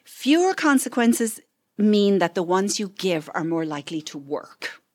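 Lively woman counselor, dry sound. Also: mid-range voice, a little slow, no room sound. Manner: lively storytelling, acting out dialogue with frequent "right?" asides. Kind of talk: parenting talk.

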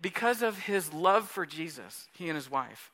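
A man in his thirties preaching with a bright, ringing tone and a high-set voice. He tells his story in an animated, conversational way, often turning to the congregation as he goes. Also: normal speed. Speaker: pastor. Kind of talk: sermon storytelling.

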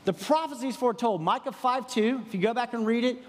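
A man's voice: very high voice, fast. A man preaching a casual, conversational sermon, acting out imagined dialogue between the characters. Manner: conversational, acts out imagined dialogue in funny voices. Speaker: pastor. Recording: long hall reverb.

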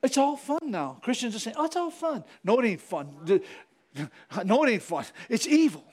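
A man's voice: high-pitched, big pitch swings, normal speed. A man preaching a fiery sermon as pastor, repeating himself and calling out to the congregation.

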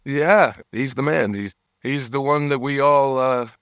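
A man's voice: mid-range voice, measured pace, a bit bright, clean tone, dry recording. A man telling a story as a guest musician in a casual interview, acting out the people he quotes and laughing often. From United States.

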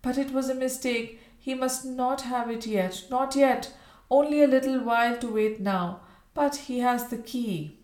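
A feverish, half-delirious Victorian lady , voiced by a woman reader, speaking slowly and sadly. The pitch is lifted well above the narration. A roomy echo hangs on the voice. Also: a little mellow, natural voice. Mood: dreamy. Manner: slow and sad. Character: feverish, wandering Victorian lady, ill in bed.

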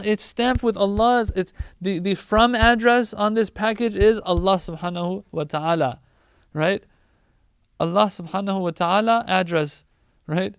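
A man giving a conversational sermon, explaining verses with everyday examples and rising to animated emphasis. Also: high voice, moderate pace, clear, resonant tone, dry recording, studio quality. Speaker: preacher.

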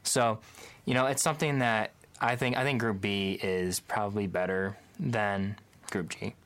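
A man's voice: fairly low pitch, fairly even intonation, measured pace, fairly bright tone. A man giving his take in a casual sports chat, hesitant and restarting often. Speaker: sports pundit.

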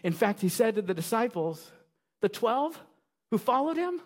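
A male pastor preaching a sermon, animated, swinging from loud bursts to quiet asides. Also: extremely high pitch, normal speed. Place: church sanctuary. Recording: long reverb of a large hall.

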